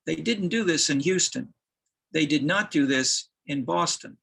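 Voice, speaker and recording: A man giving a university lecture, halting, with many restarts and fillers. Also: fairly high pitch, vocal fry, sharp tone, breathy edge, rough recording.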